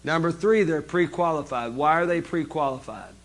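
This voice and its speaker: Male seminar presenter with a fairly high voice. Lively and jokey, talks straight to the crowd. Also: moderate pace. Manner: lively, jokey, addresses the audience directly. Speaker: seminar speaker. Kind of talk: live business seminar talk.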